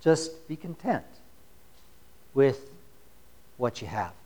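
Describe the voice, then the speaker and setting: A man's voice: medium pitch, very animated, slow, darkish tone. A man preaching a sermon, conversational and wry, reading scripture passages with rising force. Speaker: pastor.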